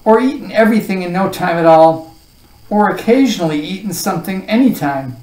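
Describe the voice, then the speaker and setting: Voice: medium pitch, lively intonation, brisk, darkish tone, pitched above the performer's own voice, close to an everyday voice. A reader voicing a pompous, talkative male humbug bug in a storybook reading, raised and wordy. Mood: wheezing. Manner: wordy, pompous, wheezing from overeating. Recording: roomy echo, voice far from the mic.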